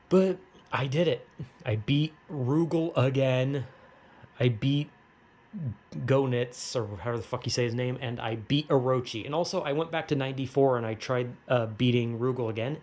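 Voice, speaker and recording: Man, mid-pitched voice, casual gaming vlog, swears a lot, laughs at his own failures. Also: a little mellow. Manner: exasperated, self-mocking, profane storytelling. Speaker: gaming vlogger. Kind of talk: casual rant to camera.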